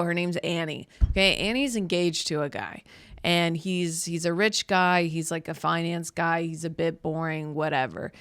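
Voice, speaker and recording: A woman's voice: on the low side, fairly bright tone, dry recording, studio quality. A woman podcast host retelling a story in a casual, rambling, sarcastic way, often breaking off and restarting. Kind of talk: casual comedic monologue.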